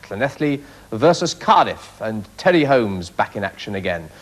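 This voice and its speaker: A middle-aged man presenting a rugby results programme in a brisk, clipped broadcast manner. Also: fairly low pitch, sing-song. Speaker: studio presenter.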